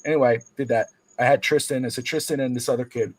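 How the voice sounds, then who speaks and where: A man co-hosting a sports talk stream, telling a long story about coaching kids' basketball in casual chat, jumping high in pitch when acting out quotes. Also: fairly even intonation, fast, no room sound, low-quality recording. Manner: rambling storyteller, acts out quotes with big pitch jumps. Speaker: podcast co-host and youth basketball coach.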